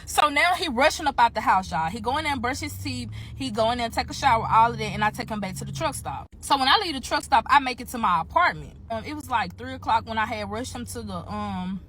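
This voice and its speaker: A young woman telling a story to her viewers in a casual, animated way, swearing freely and talking straight to the audience. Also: a little high, fast, hardly any pauses, slight background noise. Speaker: storytime vlogger.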